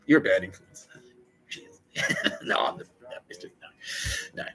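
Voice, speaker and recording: A man's voice: measured pace, pushed and bright, poor audio. Profane, jokey man in his forties. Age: 40s. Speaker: podcast host. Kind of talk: casual solo podcast monologue.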